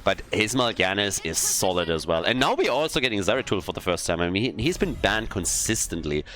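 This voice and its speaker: Guy casting an esports match, bright tense voice, moves around a lot in pitch, dry jokes. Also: sing-song, a little fast. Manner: analytical, dry humor, laughs at himself. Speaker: esports caster. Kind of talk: esports commentary.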